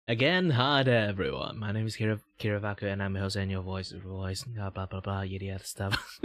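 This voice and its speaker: A man's voice: fairly low pitch, steady tone, normal speed, a bit bright, no echo, studio quality. A young man from Malaysia hosting a casual livestream chat, talking in a rambling, filler-heavy way, laughing often and playfully teasing his viewers. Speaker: livestream host.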